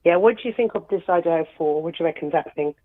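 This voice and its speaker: A woman's voice: fairly low pitch, racing. British woman calling in with sore throat. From United Kingdom. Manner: chatty, friendly, laughing often. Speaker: caller. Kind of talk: phone call-in chat. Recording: tinny phone line.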